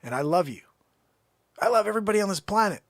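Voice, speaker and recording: A man hosting a live stream, rambling through effusive shout-outs to viewers in casual chat. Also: high voice, lively intonation, fast talker, no room sound, clean studio sound. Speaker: livestream host.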